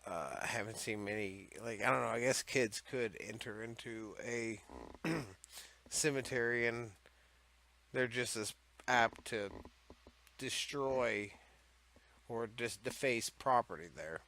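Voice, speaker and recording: A man's voice: mid-range voice, a little slow, pauses often, pushed and bright. A man hosting a casual comedic commentary, rambling, sarcastic and profane as he reads out laws. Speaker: host of a comedy series on odd laws.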